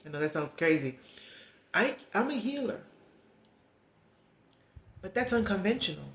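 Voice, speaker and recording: A middle-aged woman speaks to her camera in a confiding, meandering way, opening up about her feelings. Her voice sits at an ordinary pitch and rings around a reverberant room. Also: sing-song, a little slow. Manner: rambling, heartfelt, confiding. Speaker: vlogger. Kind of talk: candid personal vlog talk.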